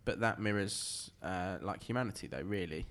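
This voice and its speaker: A man, co-hosting a casual podcast and bantering loudly with friends, laughing often. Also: low voice, moderate pace. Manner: loud, excitable, laughs a lot. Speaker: podcast co-host.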